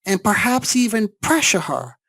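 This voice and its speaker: A man's voice: high voice, sing-song, normal speed, fairly bright tone, husky, no echo. A man giving a seminar lecture on therapy, explaining step by step and checking in with rhetorical questions. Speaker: psychologist teaching a seminar.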